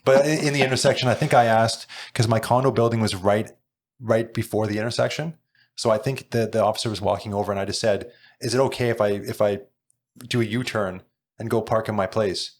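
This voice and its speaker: A man's voice: lowish voice, steady tone, fairly quick. A man from Canada hosting a podcast, sharing chatty personal anecdotes. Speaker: podcast host. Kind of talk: casual podcast conversation.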